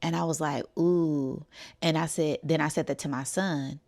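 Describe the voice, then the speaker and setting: A woman's voice: sits low, steady tone, moderate pace, a little mellow. A woman casually telling a story to her viewers, acting out the dialogue and laughing often. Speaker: spiritual channel host.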